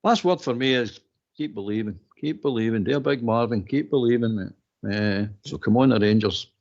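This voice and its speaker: Animated man, lo-fi audio. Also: mid-range voice, moderate pace. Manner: animated, repeats himself, laughs mid-sentence. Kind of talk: casual football chat. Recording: dull lo-fi stream audio.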